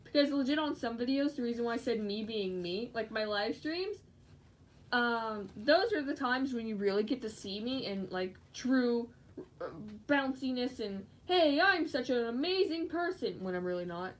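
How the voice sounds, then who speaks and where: Giggly, excitable woman with lively pitch. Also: normal speed. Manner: giggly, excitable, bursts of squeals. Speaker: fursuit maker streaming live. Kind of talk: casual chat while crafting. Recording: distant mic with faint background noise.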